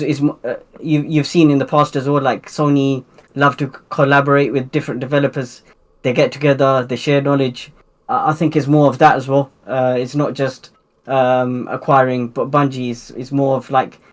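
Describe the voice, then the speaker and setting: A man's voice: medium pitch, level tone, moderate pace. A man speaking as a panelist on a gaming podcast, hesitant and full of fillers. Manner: hesitant, many fillers and restarts. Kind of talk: casual chat.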